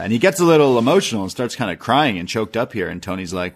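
A man's voice: mid-range voice, animated, fairly quick. A man co-hosting a podcast, casually recapping a wrestling show in a rambling way, laughing often as he retells what was said. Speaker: podcast co-host.

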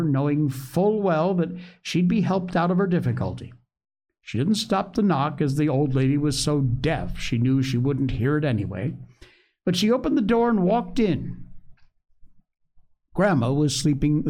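Male storyteller, slightly high voice, very lively intonation, storybook narration. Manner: expressive, animated reading. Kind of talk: storybook read-aloud narration.

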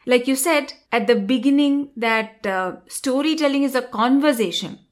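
A woman interviewer responding appreciatively and asking measured questions. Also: high voice.

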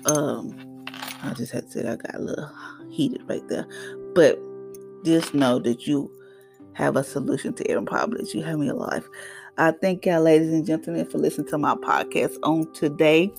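A woman's voice: low voice, fairly even intonation, normal speed, gravelly, darkish tone, soft background music. A middle-aged woman hosting a devotional podcast, talking in a casual, preachy, conversational way. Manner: conversational, preachy, African American Vernacular English phrasing.

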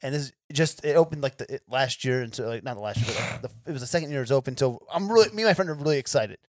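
A man's voice: medium pitch, animated, racing, no room sound, clean studio sound. A young man from New Jersey hosting a casual podcast chat, rambling and swearing freely as he tells stories. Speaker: podcast host.

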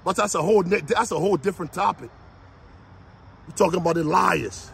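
A man with a raspy, gravelly voice giving a fiery motivational speech, shouting repeated exhortations like a preacher. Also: high-pitched, moderate pace, long pauses. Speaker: motivational speaker.

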